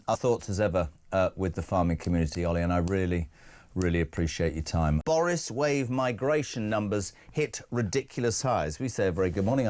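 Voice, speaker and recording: A man's voice: fairly low pitch, a little mellow. A British man hosting a breakfast talk show in a studio, impassioned and emphatic in his opinions. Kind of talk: opinionated talk radio presenting. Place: broadcast studio.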